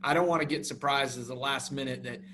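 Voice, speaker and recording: A man's voice: mid-range voice, steady tone, fast talker, bright, forceful tone, a little hiss or hum. A man co-hosting a podcast in casual chat, hesitant with many fillers, and defensive when teased. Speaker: podcast co-host.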